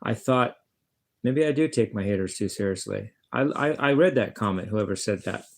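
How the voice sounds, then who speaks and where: Man, low-pitched, blunt, rambling vlog chat, swears, stammering restarts. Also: normal speed, creaky. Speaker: vlogger, guitarist. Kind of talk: rambling casual monologue.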